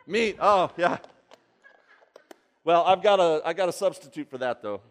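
A man gives a live cooking demonstration in a slightly high, animated, unhurried voice, chatting and rambling while often asking the audience questions. The recording has a long hall reverb.

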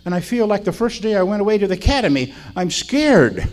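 A man's voice: high voice, big pitch swings, brisk, voice pushed up. A man voicing a nervous young male student who pleads and frets. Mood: scared. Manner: pleading, anxious.

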